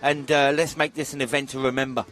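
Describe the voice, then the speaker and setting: Jokey pool commentator. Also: male voice, medium pitch, flat delivery, fast talker, a bit bright. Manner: jokey, punning banter. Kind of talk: live sports commentary.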